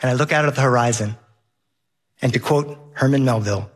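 A man telling a lively personal story on stage, vivid and laughing along the way. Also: medium pitch, brisk, pauses often.

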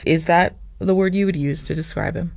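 A woman hosting a radio interview, asking gentle, conversational questions. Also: lowish voice, moderate pace, vocal fry, no room sound. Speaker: radio host.

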